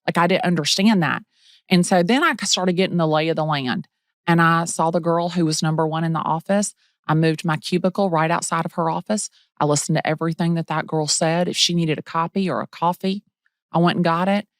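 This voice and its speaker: Deep-voiced bubbly middle-aged woman. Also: brisk, dry recording, studio quality. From Atlanta area. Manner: bubbly, animated, acts out quotes. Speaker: real estate agent, guest. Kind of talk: casual interview storytelling.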